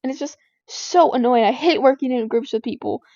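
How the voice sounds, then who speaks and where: Venting mid-game, the high-voiced teen vlogger talks fairly quickly and a bit mellow, her rambling thick with "like." The lo-fi home-mic sound is dry, slightly dull, and without echo.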